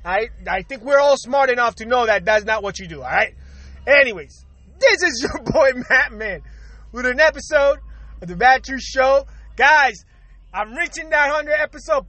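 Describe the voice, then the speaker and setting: A man's voice: very high-pitched, bright, forceful tone, dry recording. A young man hosting his own podcast, ranting in a profane, exasperated way and repeating himself a lot. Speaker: podcast host. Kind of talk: solo rant podcast.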